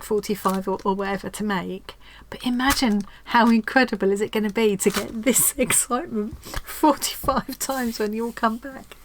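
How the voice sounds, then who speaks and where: A woman vlogger chatting casually at home as she opens a craft swap parcel, gushing and excitable, with frequent restarts. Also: on the high side, noisy background. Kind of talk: casual unboxing chat.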